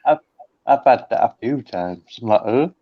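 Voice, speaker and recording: A man's voice: medium pitch, expressive, normal speed. A man trades stories in a casual chat, often laughing. His voice sits in a middle range. The sound is a little dull and muffled. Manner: laughs often, tells anecdotes.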